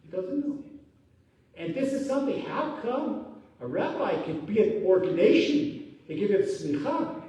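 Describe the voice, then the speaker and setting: A rabbi giving a Torah lesson, telling stories with lively voiced quotes. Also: male voice, sits high, measured pace. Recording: echoey hall from far off.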